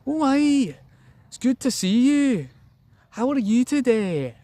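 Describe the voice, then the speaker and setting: A man voicing a cheery, relaxed Scottish man in a put-on Scottish accent. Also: extremely high pitch, slow, dry recording, pitched above the performer's own voice, exaggerated voice. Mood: cheerful.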